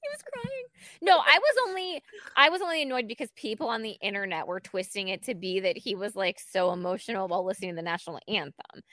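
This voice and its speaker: A woman's voice: medium pitch, animated, quick pace, sharp tone, dry recording. A woman co-hosting a casual podcast chat among friends, chiming in with wry, teasing remarks. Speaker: podcast co-host.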